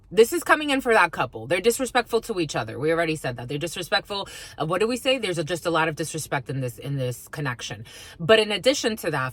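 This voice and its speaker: Speaking to camera in a dry recording, a spiritual reader and channeler gives a casual reading with a mid-range voice, blunt and swearing freely. She's animated, often breaking into laughter mid-sentence, and calls her viewers "my lovies."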